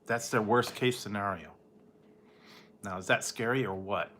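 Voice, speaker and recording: A man's voice: on the low side, measured pace, fairly bright tone, slight background noise. A man hosting a casual livestream, rambling and chatting, often laughing and mimicking other people. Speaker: livestream host. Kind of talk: casual late-night livestream chat.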